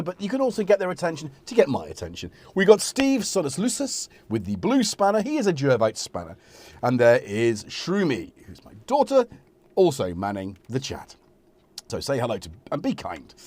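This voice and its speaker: A man's voice: fairly high pitch, dry recording. A middle-aged man hosting a casual live stream, rambling and joking while he talks to his cats.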